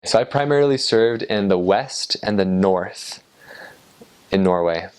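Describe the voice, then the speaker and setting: A man, a returned missionary, explaining calmly and thoughtfully with many pauses. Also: on the low side, clear, resonant tone. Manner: relaxed, thoughtful, with many ums and uhs. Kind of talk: casual explanatory talk.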